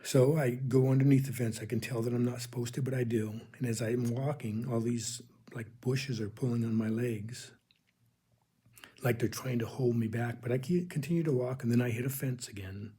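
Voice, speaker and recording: A man recounting a spiritual vision as a testimony, speaking earnestly with halting restarts and calling his listeners "people". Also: mid-range voice, steady tone, warm tone, breathy edge. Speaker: religious video host.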